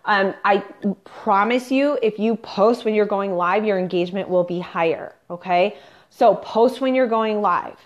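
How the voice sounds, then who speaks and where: A woman's voice: medium pitch, a little slow. A woman business coach on an unscripted live stream, chatty and pushy, peppering her talk with "like" and "you guys". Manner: upbeat and pushy, coaching the viewers directly. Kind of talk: unscripted Facebook live training. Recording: slightly dull lo-fi livestream audio.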